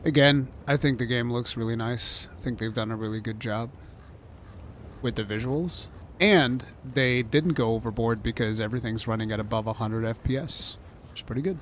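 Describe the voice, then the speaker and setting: A man's voice: mid-range voice, normal speed, fairly bright tone, slight background noise. A man giving casual, joking commentary while playing a game on stream. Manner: joking, chatty, playful asides.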